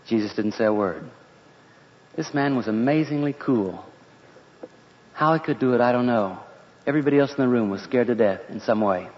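A man's voice: medium pitch, moderate pace, pauses often. Earnest man telling a story. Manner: earnest, conversational. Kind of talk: first-person dramatic storytelling. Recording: dull lo-fi with long reverb.

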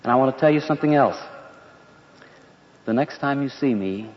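A man voicing a calm male teacher who answers his accusers evenly, in a dull recording with a long reverb. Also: medium pitch, normal speed, natural voice. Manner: even, composed.

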